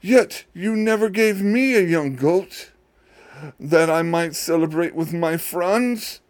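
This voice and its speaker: A man's voice: on the high side, wildly swooping pitch, slow, a little mellow, voice pushed up, exaggerated voice. A man voicing a resentful, dutiful elder brother who complains indignantly. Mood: bitter.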